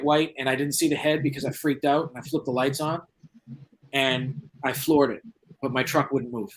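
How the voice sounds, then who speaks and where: A man's voice: medium pitch, a little hiss or hum, rough recording. A man in his forties from New England, a paranormal investigator telling a story in a casual interview, acting out the dialogue. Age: 40s. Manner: animated storyteller, acts out quoted dialogue. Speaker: paranormal investigator, podcast guest.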